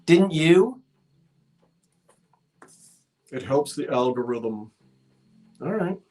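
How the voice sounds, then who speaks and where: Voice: medium pitch, expressive, extremely slow, a little mellow, faint music behind. A live-stream sale host in a shop, chatting casually with a rambling, self-deprecating manner, reading out viewer comments and counting down bids. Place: shop, indoors.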